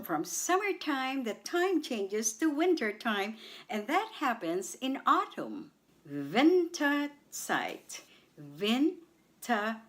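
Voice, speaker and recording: A woman's voice: high-pitched, big pitch swings, takes it slowly, a bit bright. A woman hosting a radio language segment, spelling out words and saying them syllable by syllable for listeners to repeat. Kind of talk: slow scripted language lesson. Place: radio studio.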